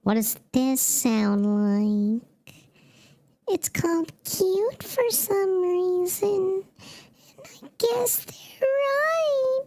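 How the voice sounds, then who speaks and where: A streamer using a squeaky cute voice changer. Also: very animated, very slow, a little mellow, heavily acted. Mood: cutesy. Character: cute high-pitched voice-changer character.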